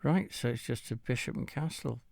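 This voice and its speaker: A man's voice: medium pitch, moderate pace, gravelly, darkish tone, no room sound. A tired man, casually commenting while he plays a game of chess, muttering and swearing now and then. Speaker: gamer playing chess against the computer.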